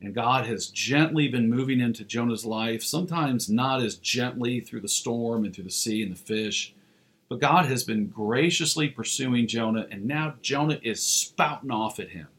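A man preaching a sermon as pastor, earnest, with "uh" fillers, slowing down for emphasis. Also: mid-range voice, a bit bright.

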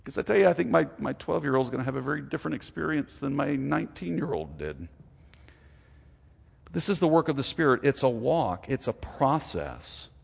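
A man's voice: mid-range voice, moderate pace, gravelly, slightly rough. A man in his forties preaching a sermon as a pastor, earnest and acting out little dialogues with God. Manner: earnest, acts out dialogue with God in lively voices. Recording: long hall reverb.

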